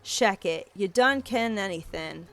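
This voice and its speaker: Brief: a woman playing a cryptic teen jock, thick drawl, gruff and blunt, game read. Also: on the high side, lively intonation, moderate pace, soft background music, natural voice. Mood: curt. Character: blunt teenage boy athlete, gruff and cryptic.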